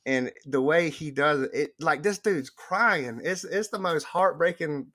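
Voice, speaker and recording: A man's voice: a little high, unhurried, a bit bright. A man hosting a casual interview over a video call, talking with enthusiasm and rambling a bit. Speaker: host.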